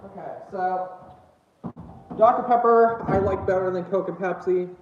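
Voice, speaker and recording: A man rambles through an eating livestream in a slightly high, lively voice, full of ums and restarts and a little out of breath. The sound is dull and lo-fi, bouncing around an echoey room at home. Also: unhurried, noisy background. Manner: rambling, hesitant, many fillers. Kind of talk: casual eating livestream chat. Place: home room with dogs nearby.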